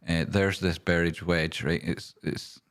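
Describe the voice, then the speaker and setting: Casting note: male streamer, very deep voice, brash and sweary, casual chart talk. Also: flat delivery, unhurried, fairly bright tone. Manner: ranting and swearing, then rambling while walking through charts. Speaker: livestream host and stock chart analyst. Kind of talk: casual livestream chat, reading viewer questions.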